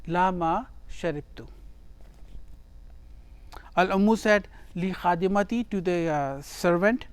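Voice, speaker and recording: Patient grammar teacher, repeats key words, unhurried delivery, dead-dry sound. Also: mid-range voice, clear, resonant tone, no room sound. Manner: reads a phrase, then translates and explains it step by step; repeats words and phrases for emphasis. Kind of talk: Arabic grammar lesson.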